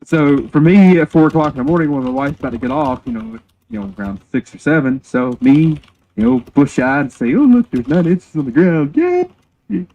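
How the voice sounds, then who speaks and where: A man's voice: a little high, very animated, a little fast, a little mellow, muffled recording. A man, chatting on a game stream and telling a joking, rambling story with casual swearing. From North Carolina, USA.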